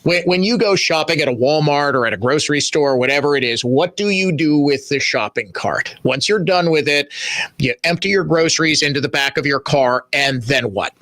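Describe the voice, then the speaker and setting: A middle-aged man hosts talk radio, pressing each point with emphatic repetition. His voice sits a little high and rings bright and forceful. The studio sound is close and dry. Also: normal speed, no echo. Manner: emphatic, repeats phrases for stress. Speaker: radio talk show host. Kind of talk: opinionated talk radio monologue.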